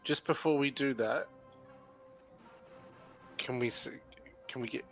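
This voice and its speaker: Bright halting Australian man. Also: mid-range voice, faint music behind, poor audio. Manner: halting, restarts his questions. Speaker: player. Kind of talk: casual tabletop game chat.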